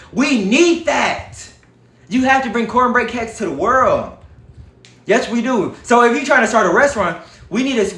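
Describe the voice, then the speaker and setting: A man hosting a livestream, talking in an animated, profane, preachy way. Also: high voice, echoey room. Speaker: livestream host. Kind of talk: casual livestream talk.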